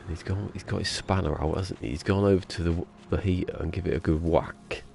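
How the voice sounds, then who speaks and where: Deep, gravelly-voiced man chatting while streaming. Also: steady tone, brisk, darkish tone, slight background noise. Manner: rambling, jokey self-talk. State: sniffly with a cold. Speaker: game streamer. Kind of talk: casual live-stream chatter. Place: small room at home.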